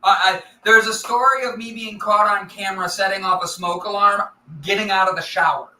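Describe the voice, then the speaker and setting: A man's voice: high-pitched, steady tone, fairly quick, bright, forceful tone, a little hiss or hum. A man guesting on a live show, teasing the host and rambling through funny stories. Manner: playful, teasing, rambling storyteller. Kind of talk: joking live-show banter. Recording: roomy echo, distant from mic.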